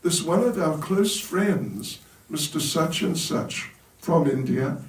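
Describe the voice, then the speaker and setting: Man putting on a keen temple manager pushing a bargain, voice pitched up and pleading, sounding far off in an echoey hall. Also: lively intonation, slow pace. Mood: eager pleading. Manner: pleading, persuasive. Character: eager male temple manager bargaining with his teacher. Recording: roomy hall, voice from a distance.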